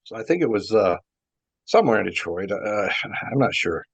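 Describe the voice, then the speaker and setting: The older former wrestler spins rambling tales punctuated by chuckles, fillers and restarts, his low-ish voice husky with vocal fry and very animated. He keeps a moderate pace, and the dry lo-fi audio sounds dull with no echo.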